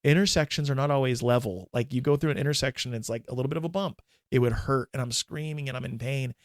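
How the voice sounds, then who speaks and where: A man in his forties, a minister and podcast guest, telling a candid, emotional personal story in a halting way with many restarts. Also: mid-range voice, no echo, studio quality.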